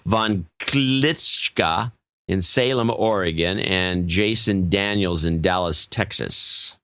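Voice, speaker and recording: Deep-voiced man reading donor names. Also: slow pace, fairly bright tone, smooth. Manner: offhand, stumbles over names. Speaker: podcast co-host.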